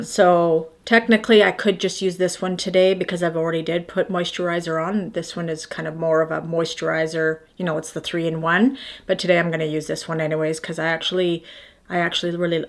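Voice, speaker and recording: Chatty woman in her fifties, low voice. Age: 50s. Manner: chatty, rambling, self-deprecating. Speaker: beauty vlogger. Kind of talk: casual skincare tutorial.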